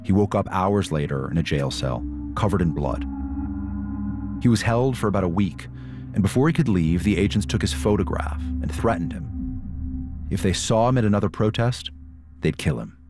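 Deep-voiced male reporter narrating. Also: expressive, normal speed, long pauses, over music. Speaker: reporter and host. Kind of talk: scripted narration and interviewing.

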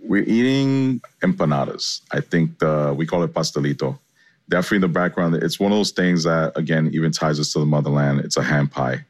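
Man, extremely low voice, chef guest, loose and enthusiastic. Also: brisk. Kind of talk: casual interview answers.

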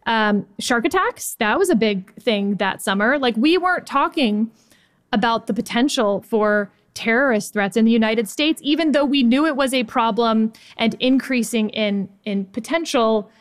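A woman in her forties from Texas, co-hosting and talking candidly in an animated conversational discussion. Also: fairly high pitch, moderate pace, dry recording, clean studio sound. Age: 40s. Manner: animated, candid, chatty with many fillers. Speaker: podcast co-host.

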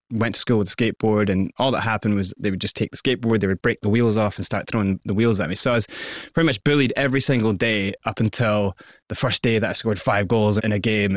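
Low-voiced Scottish man telling his story. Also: no echo, clean studio sound. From South Africa and Scotland. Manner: animated, candid recounting. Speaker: interview guest, former hip-hop performer. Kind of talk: conversational storytelling.

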